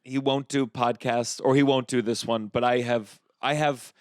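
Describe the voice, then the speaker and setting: Casting: male comic host, mid-pitched, stop-start questions, teasing, dry studio sound. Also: steady tone, clean tone, no echo. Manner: halting, restarting questions, playful. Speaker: podcast host. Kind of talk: casual podcast interview.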